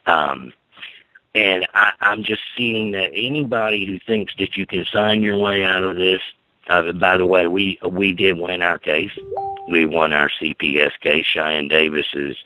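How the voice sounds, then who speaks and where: A man speaking as a guest on a talk show, giving urgent, forceful warnings and telling his story with energy. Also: low-pitched, steady tone, a little slow, poor audio. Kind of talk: impassioned talk radio guest.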